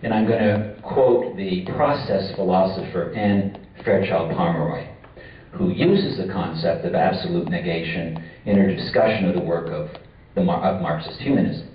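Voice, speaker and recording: A man giving an academic lecture at a conference, measured and repeating key phrases for emphasis. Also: deep voice, slight background noise. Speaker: conference speaker. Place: conference room. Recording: far-off echoey lo-fi hall recording.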